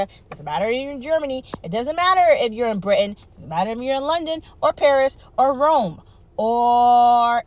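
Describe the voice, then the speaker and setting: Woman, solo monologue, emphatic, repetitive, swearing, dull lo-fi audio. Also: on the high side.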